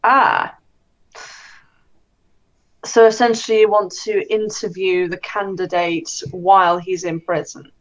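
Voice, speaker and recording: A woman's voice: on the low side, steady tone, slow pace, pauses often, poor audio. A woman playing a tabletop role-play game, insistent and questioning. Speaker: player.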